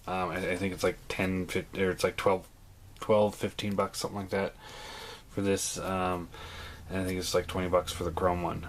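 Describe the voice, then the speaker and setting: A man with a fairly low voice reviews a toy for his vlog, stopping often with ums and uhs as he chats along. His talk is relaxed and unscripted. Steady background noise sits under the recording. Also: normal speed.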